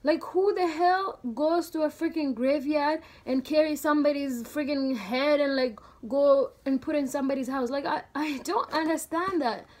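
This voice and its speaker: A young woman vlogger casually telling a story, animated and slangy, with lots of "like" fillers. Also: sits high, normal speed, few pauses.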